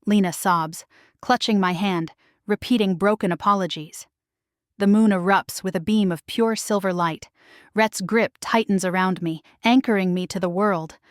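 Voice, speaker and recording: A woman's voice: medium pitch, moderate pace, no room sound, clean studio sound. A woman narrating a first-person romance audiobook in a dramatic, intimate storytelling manner.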